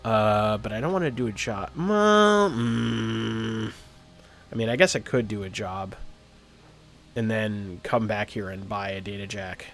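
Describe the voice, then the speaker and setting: A man's voice: lowish voice, measured pace, gravelly, a bit bright, faint music behind. A man streaming a game live, reading its text aloud and chatting about his choices.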